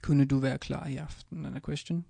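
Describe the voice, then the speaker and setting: A man's voice: medium pitch, fairly even intonation, a little fast, vocal fry, warm tone, husky, no room sound. A man teaching a language in a casual screencast, hesitant, with many ums and restarts as he types examples. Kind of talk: screencast lesson, typing examples.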